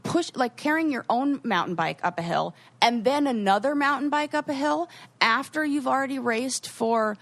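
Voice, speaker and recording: A young woman co-hosting a podcast, telling animated stories in casual chat with quoted asides. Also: high-pitched, normal speed. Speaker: podcast co-host.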